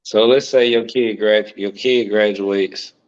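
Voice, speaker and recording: A man's voice: on the low side, steady tone, takes it slowly, clean tone. A young man hosting a podcast, talking casually with blunt, profane opinions and easy laughter. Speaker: podcast host. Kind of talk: casual chat. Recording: lo-fi dull audio.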